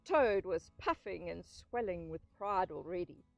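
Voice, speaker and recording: A woman reads a storybook aloud with lively, animated inflection. Her voice is dry and close, with faint music underneath. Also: on the low side, a little slow, gravelly, dry recording, lo-fi sound. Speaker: audiobook narrator. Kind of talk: expressive storybook narration.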